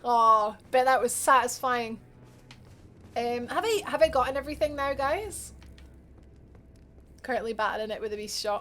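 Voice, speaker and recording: A woman's voice: fairly high pitch, normal speed, a bit bright. A young woman livestreaming a game, chatting casually and bubbly, answering her viewers by name and laughing often. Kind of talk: casual live gameplay commentary.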